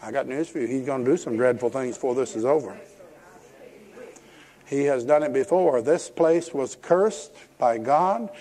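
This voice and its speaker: A man's voice: a little high, darkish tone. A man preaching a sermon, retelling scripture in a folksy, storytelling way with emphatic warnings.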